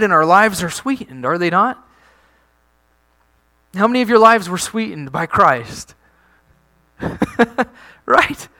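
A man delivers a sermon in a high, bright voice. He preaches with animation, tossing rhetorical questions at the congregation and restarting phrases as he builds his points. His tone stays energetic and direct. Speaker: pastor.

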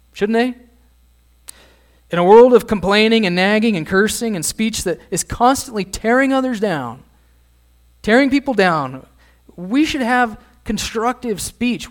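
A middle-aged man, a pastor, preaching a sermon in a conversational way and asking his listeners questions. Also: high voice.

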